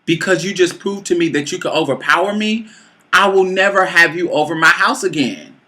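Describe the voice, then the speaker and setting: A woman in her late twenties telling a personal story to camera, bluntly and with heavy profanity, swinging between loud outbursts and low mutters. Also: a little fast. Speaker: vlogger. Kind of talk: storytime monologue.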